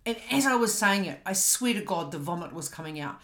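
A woman in her fifties with a New Zealand accent, a podcast host and coach telling a personal story in a fast, animated, frank way. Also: on the low side, roomy sound. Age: 50s.

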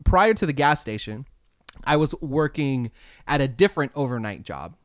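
A man's voice: mid-range voice, animated, moderate pace, no echo, studio quality. A man in casual conversation, telling stories from his old overnight jobs in a laid-back, rambling way. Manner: laid-back, tells stories with quoted exclamations. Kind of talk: casual storytelling chat.

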